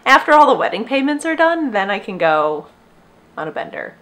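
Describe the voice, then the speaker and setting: A woman's voice: on the high side, very animated, moderate pace, a bit bright. Chatty young woman talking to camera. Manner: rambling, chatty, often breaks off to talk to her dog. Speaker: knitting podcast host. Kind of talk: casual chat. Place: at home with dogs.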